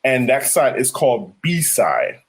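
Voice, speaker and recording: Male DJ co-host, relaxed storyteller with an average-pitched voice. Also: takes it slowly, slightly rough. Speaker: podcast co-host, DJ. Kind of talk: casual chat.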